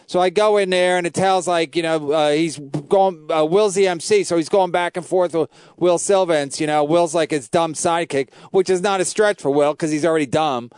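A man's voice: on the high side, moderate pace, few pauses, darkish tone, clean tone, no echo. A man, a comedian and podcast host, telling rambling profane stories in casual chat.

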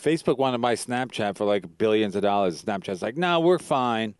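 A man's voice: lowish voice, expressive, brisk, clean tone, no echo, clean studio sound. A man hosting a talk show, teasing and needling his guests in casual, crude banter. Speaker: host.

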